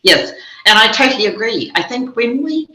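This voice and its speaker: An older woman from New Zealand, a guest spiritual teacher telling stories in a gentle, reflective way over a video call. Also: fairly high pitch, very animated, moderate pace, roomy sound, low-quality recording. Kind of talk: casual conversation.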